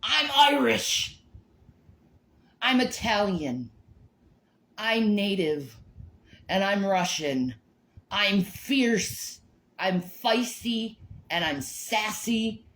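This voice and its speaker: A woman's voice: medium pitch, expressive, drawn-out words, long pauses, fairly bright tone, a little hiss or hum. A middle-aged woman ranting on a livestream, swearing and confrontational, often repeating words and restarting her sentences. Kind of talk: livestream rant.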